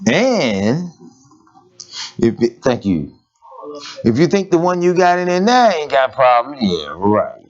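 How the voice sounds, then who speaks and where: A man preaching a sermon in a lively, conversational way, asking rhetorical questions and laughing as he goes. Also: medium pitch, slow, long pauses. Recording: dull lo-fi recording.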